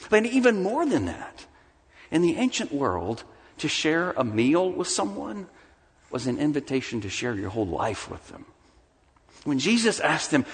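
A middle-aged pastor preaching in a fairly high, animated voice that swings from emphatic lines to soft, almost whispered asides. His words ring out with a long reverb from a large church hall. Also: normal speed. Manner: animated, conversational preaching with sudden drops to a soft hush. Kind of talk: sermon.

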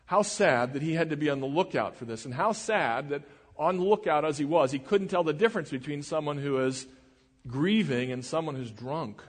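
Earnest preacher man in a reverberant hall. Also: a little high. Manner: earnest, measured preaching with dramatic drops in volume. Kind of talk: sermon.

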